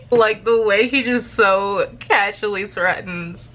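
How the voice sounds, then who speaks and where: A woman's voice: medium pitch, slow pace. A woman in her twenties, chatting casually and gushing about a book on her vlog, full of "like" fillers. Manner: gushing, animated, lots of "like" fillers. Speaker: book vlogger. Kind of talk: casual chat.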